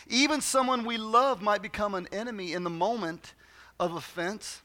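A man delivers a sermon to his church, his voice sitting high and bright. He talks in a loose, conversational way, repeating key phrases and dropping asides to the congregation. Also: normal speed. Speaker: pastor.

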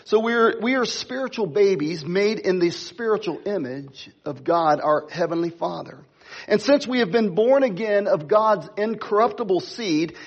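A middle-aged man preaching a sermon, stressing key words slowly and talking to the congregation in asides. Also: high voice, lo-fi sound. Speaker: pastor.

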